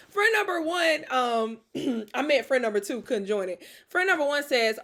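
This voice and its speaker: A woman hosting a casual storytime, talking straight to her audience, animated and laughing often as she tells it. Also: high-pitched, a little slow. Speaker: host.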